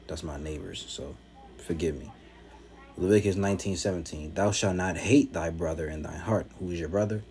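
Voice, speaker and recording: A man's voice: sits low, a little mellow, slight background noise. A man preaching at home, teaching from scripture and answering critics in an emphatic, mocking way.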